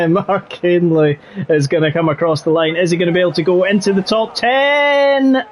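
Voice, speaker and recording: Chatty high-voiced race commentator. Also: male voice, measured pace, slight background noise. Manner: chatty and jokey, with playful quips. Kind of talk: live sim-racing commentary.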